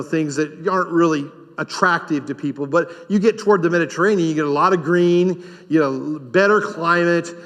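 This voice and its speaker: High-voiced preaching man, echoing church. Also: a bit bright. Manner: emphatic, repeats key phrases for stress. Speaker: pastor. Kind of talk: sermon. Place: church sanctuary. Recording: long reverb of a church hall.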